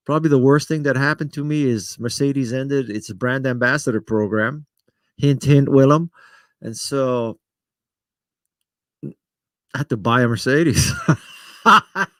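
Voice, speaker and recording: A man's voice: medium pitch, no room sound. A middle-aged man hosting a live stream, chatting casually and self-deprecatingly as he answers viewers by name. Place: home studio setup in front of a camera.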